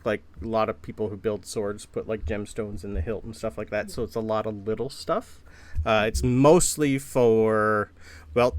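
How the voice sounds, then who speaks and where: A man acting as game master, describing a workshop scene loosely, with lots of fillers. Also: lowish voice. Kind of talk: narrating a tabletop game.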